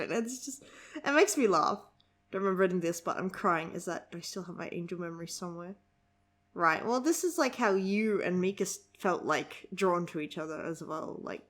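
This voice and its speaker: A woman's voice: medium pitch, lively intonation, normal speed, fairly bright tone. Young woman, casual manga review, chatty, easily amused, giggly. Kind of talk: casual chat reading manga aloud.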